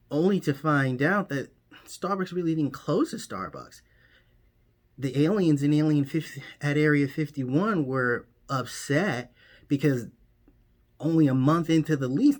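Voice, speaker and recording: A man delivering a mock-serious comedy monologue as a rambling, deadpan story. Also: on the high side. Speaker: comedian doing a parody monologue.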